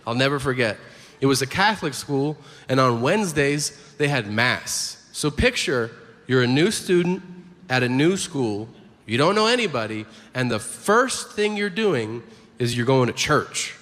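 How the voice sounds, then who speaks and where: Animated man doing stand-up. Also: medium pitch, unhurried. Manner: animated storytelling, acts out voices, profane. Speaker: stand-up comedian. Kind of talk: stand-up comedy set. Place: comedy venue stage. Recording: live club mic, hall reverb, audience noise.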